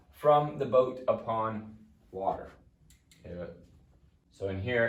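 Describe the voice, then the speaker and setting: In a recorded Latin lesson, a man patiently works through translations step by step, saying "okay" often. His voice sits low with some vocal fry, and he's far from the mic in an echoey room, with a little hiss or hum.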